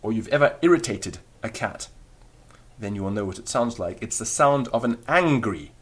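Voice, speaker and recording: A man's voice: fairly low pitch, animated, normal speed, slightly rough. A man teaching a recorded beginner language lesson, explaining patiently and demonstrating the sounds aloud.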